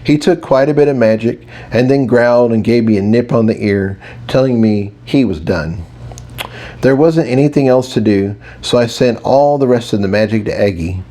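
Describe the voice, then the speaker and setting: A man narrating a fantasy audiobook in the first person, with expressive, playful storytelling. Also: mid-range voice, normal speed.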